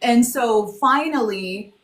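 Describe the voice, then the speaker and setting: A woman in her forties, a guest in an interview, talking bluntly and telling her story in a lively, candid way. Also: fairly high pitch, takes it slowly. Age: 40s. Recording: roomy echo.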